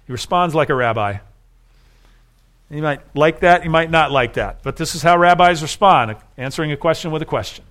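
A pastor with a mid-range, fairly bright voice delivers a sermon, posing rhetorical questions and climbing to emphatic peaks. When he voices the accusers, his delivery turns sharper and louder.

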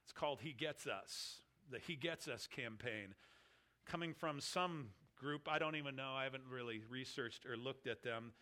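A man preaching a sermon, reading scripture and then expounding it slowly with emphatic, falling phrase ends. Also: medium pitch, pushed and bright. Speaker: pastor.

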